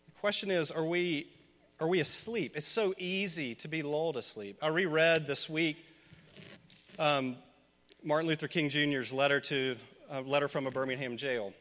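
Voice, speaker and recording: A man with a high, bright, ringing voice delivers an earnest sermon to his congregation, his words trailing off into the long reverb of a church hall. He presses his points with repeated questions that grow loud and pleading. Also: steady tone, moderate pace. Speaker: pastor.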